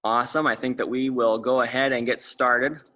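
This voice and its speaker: A man's voice: medium pitch, fairly even intonation, moderate pace, sharp tone, roomy sound, far from the mic, low-quality recording. A young man leading a stretching class, upbeat and encouraging, often checking in with the class. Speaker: exercise class instructor.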